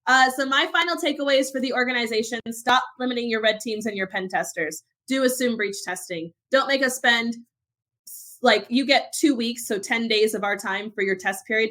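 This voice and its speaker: A young woman co-hosting a podcast, talking in an animated, emphatic way as she rants about security advice. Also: on the high side, a little fast. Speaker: podcast co-host. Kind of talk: casual podcast chat.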